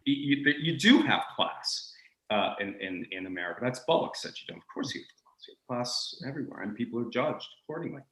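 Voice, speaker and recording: A man talking about the history of accents as a guest, animated and expressive, often restarting his sentences. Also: medium pitch, echoey room, poor audio. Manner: expressive, acts out accents in quick asides; frequent restarts and stammered repeats. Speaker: guest speaker on linguistics. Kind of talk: animated conversational lecture.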